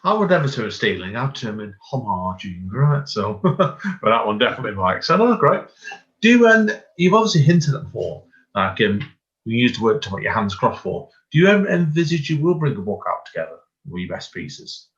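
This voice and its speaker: This interview host is very animated, a bit bright and a little fast at a medium pitch, chatting encouragingly and asking meandering questions. The casual conversation comes through in dull lo-fi sound.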